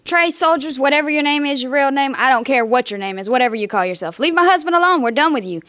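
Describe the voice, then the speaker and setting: Curt high-voiced woman manager. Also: expressive, fast talker, fairly bright tone. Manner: curt and dismissive. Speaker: wrestling manager. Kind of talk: wrestling promo.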